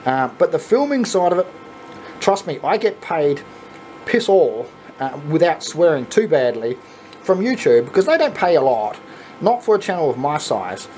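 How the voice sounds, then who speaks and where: Excitable Australian man, casual vlog. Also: on the high side, normal speed, a little hiss or hum, rough recording. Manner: excitable, laughing, swears casually. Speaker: channel host. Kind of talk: casual video chat to viewers.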